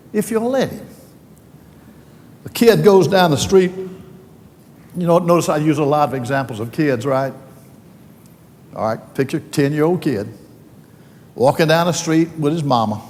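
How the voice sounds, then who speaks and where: A man's voice: on the high side, a little mellow, in a large hall. An older man with a Southern US accent, giving a homespun, joking faith talk full of stories as he addresses a team. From Alabama, US.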